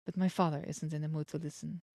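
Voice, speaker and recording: A young woman streamer reading a story game aloud, steady in the narration and breaking into excited outbursts. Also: deep voice, fast talker, vocal fry, slight background noise. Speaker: virtual streamer. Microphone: streaming mic. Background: soft game music.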